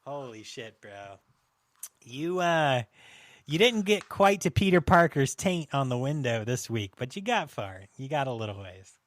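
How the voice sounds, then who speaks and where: Lively young man hosting a podcast. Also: medium pitch, a little slow, no echo, clean studio sound. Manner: animated, laughing often, swearing, loose. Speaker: podcast host. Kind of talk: casual podcast chat.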